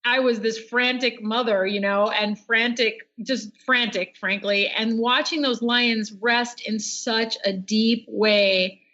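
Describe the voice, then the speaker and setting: A woman's voice: a little high, fairly even intonation, slow, few pauses, pushed and bright. A middle-aged woman guest on a radio interview, chatty, with many fillers and easy laughs. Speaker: guest author. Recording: dull lo-fi radio audio.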